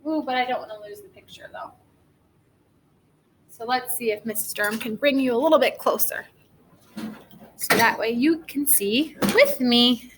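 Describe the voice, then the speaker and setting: Through a recorded reading lesson, a woman teaches a first grade class, talking gently and asking the kids encouraging questions. Her voice is fairly high, her speed normal, and she pauses often, with a little hiss or hum on the recording.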